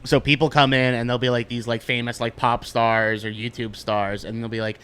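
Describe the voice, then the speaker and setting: A man's voice: medium pitch, little pitch movement, moderate pace, fairly bright tone, clean tone. Man rambling through a movie plot. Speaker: podcast guest. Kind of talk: casual podcast banter.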